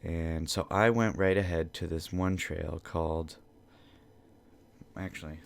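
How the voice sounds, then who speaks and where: A man with a fairly low voice tells a loose, rambling story on his podcast. He swears freely and circles back over his own words as he talks from home. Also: steady tone, unhurried, creaky, a little hiss or hum. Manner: profane, rambling, repeats himself. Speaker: podcast host. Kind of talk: casual storytelling monologue.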